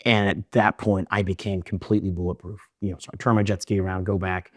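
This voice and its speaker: A young man telling his story in an interview, rushing in run-on sentences full of fillers and restarts. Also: deep voice, flat delivery, no echo, clean studio sound. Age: young adult. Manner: fast, run-on talk with many fillers and restarts. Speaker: interview guest.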